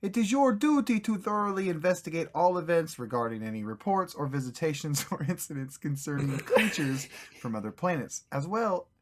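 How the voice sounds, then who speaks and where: A stern Soviet security official recites his orders in a thick mock Russian accent, as a man puts him on. The voice sits higher and louder than a normal speaking voice, and it stumbles and cracks with laughter as it goes. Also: expressive, close to an everyday voice. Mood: commanding. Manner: halting, breaks off laughing.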